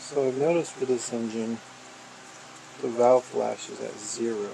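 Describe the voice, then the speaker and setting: A man casually talking through a repair step by step, in a plain, unhurried way as he works in a garage. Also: medium pitch, steady tone, gravelly, dark tone, a little hiss or hum, rough recording. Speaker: mechanic demonstrating repairs. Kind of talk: casual step-by-step how-to instruction.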